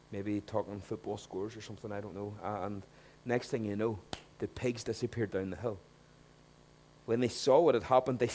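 A man preaching a sermon, swinging between hushed asides and loud, emphatic points. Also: on the high side.

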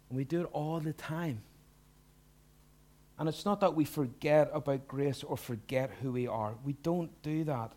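A middle-aged male pastor giving a sermon, earnest, dropping to hushed lines and rising to loud emphatic bursts. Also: mid-range voice.

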